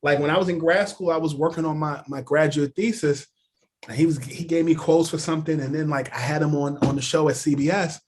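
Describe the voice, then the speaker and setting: A man telling stories as a sports journalist guest on a casual podcast, animated and full of "like" and "yo". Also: on the high side, fairly quick.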